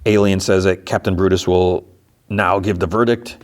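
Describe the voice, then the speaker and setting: A man with a low voice hosts a podcast and walks through an episode's plot. He talks casually, leaning on fillers as he goes. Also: steady tone, moderate pace. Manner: casual, filler-heavy storytelling. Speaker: podcast host.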